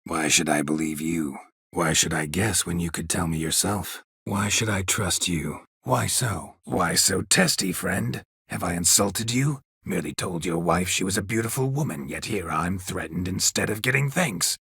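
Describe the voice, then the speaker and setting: Laconic game monster hunter: low, raspy, clipped, dry studio sound. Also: male voice, moderate pace, fairly bright tone, dry recording, exaggerated voice. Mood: terse, dry. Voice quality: husky, gravelly low voice. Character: gruff middle-aged male monster hunter, terse and dry. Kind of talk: game voice acting. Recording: dry close studio recording.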